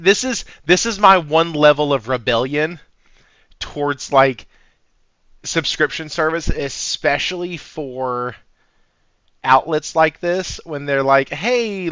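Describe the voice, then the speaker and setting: A man's voice: mid-range voice, fairly bright tone, no room sound, highs cut off. A man co-hosting a casual gaming podcast, laughing often and ranting sarcastically. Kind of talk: casual chat.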